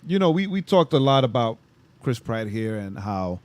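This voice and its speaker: A man's voice: medium pitch, very animated, moderate pace, darkish tone, no echo. A man co-hosting a casual faith podcast, speaking earnestly and often tagging his sentences with "right?". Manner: earnest, keeps adding "right?" as a tag. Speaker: podcast co-host.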